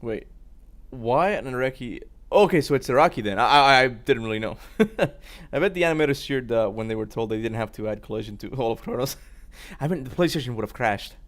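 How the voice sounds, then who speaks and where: A man hosting a stream and giving casual reaction commentary, rambling and excitable, often laughing. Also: medium pitch, fairly quick. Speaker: streamer host.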